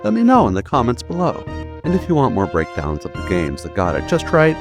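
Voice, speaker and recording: A man's voice: mid-range voice, wildly swooping pitch, brisk. A man giving a scripted video essay narration, emphatic and building to punchy statements. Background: faint background music.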